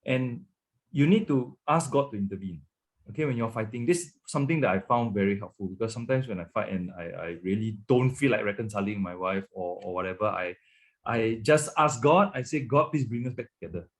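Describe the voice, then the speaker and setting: A man's voice: lowish voice, expressive, brisk. A man with a Malaysian English accent, a pastor teaching a webinar on marriage in a conversational way. He repeats words often and keeps checking in with "okay" and "right". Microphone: webinar microphone.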